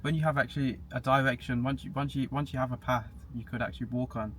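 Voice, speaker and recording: A man's voice: medium pitch, steady tone, quick pace, a bit bright. A young man chatting casually as a podcast guest, matter-of-fact and laughing at himself now and then. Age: young adult. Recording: faint background hiss.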